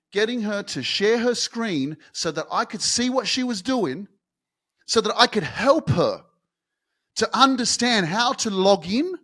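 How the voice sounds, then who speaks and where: A male motivational speaker with a notably high voice talks with fierce emphasis. He drops into hushed, intimate tones and then climbs to near shouting, cutting off his swear words mid-breath. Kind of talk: motivational talk.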